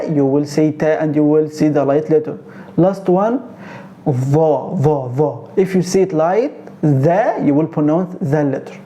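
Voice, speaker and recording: A man with an Egyptian accent, a native Arabic speaker, teaching beginners how to pronounce letters, repeating each sound slowly and correcting common mistakes. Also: fairly high pitch, warm tone. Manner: slow, repetitive drilling of sounds, corrective. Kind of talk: beginner pronunciation lesson.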